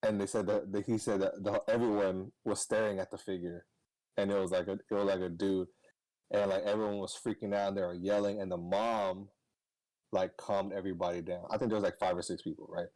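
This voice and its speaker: Young dude telling stories on a podcast, low warm voice, goes squeaky when hyped, dry mic. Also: male voice, fairly quick, no room sound, low-quality recording. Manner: animated, swearing, laughs, voice jumps high when excited. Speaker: podcast co-host. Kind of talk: casual storytelling chat.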